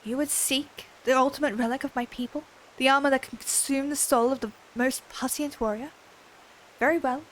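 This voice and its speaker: A woman's voice: high voice, steady tone, normal speed, a bit bright, a little hiss or hum, poor audio. A woman reading a solemn warrior's plea. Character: solemn, earnest warrior of a shunned people. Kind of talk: reading game dialogue aloud.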